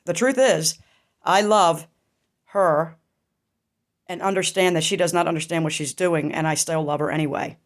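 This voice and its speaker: A woman's voice: on the low side, moderate pace. A middle-aged woman speaks straight to camera in a personal vlog. Her delivery is raw and intense, peppered with swearing and pointed rhetorical questions. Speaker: vlogger. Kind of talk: emotional personal storytelling.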